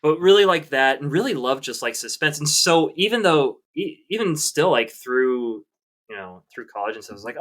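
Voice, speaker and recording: A man's voice: on the high side, lively intonation, moderate pace, fairly bright tone. A man in his thirties co-hosting a podcast, talking in a rambling, hesitant way with many fillers. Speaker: podcast co-host. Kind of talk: casual chat.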